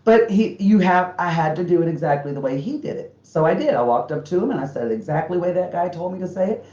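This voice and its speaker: A woman talks through her work as a medium, her telling lively and candid. Her voice rings around an echoey room and comes through dull and lo-fi. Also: on the low side, fast. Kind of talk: casual interview talk.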